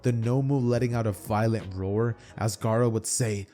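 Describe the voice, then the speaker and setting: A narrator with a fairly low, steady, warm voice talks at a normal pace over faint background music. He tells an imagined fan story in a loose, run-on way, often starting his phrases over, as casual fan-fiction storytelling.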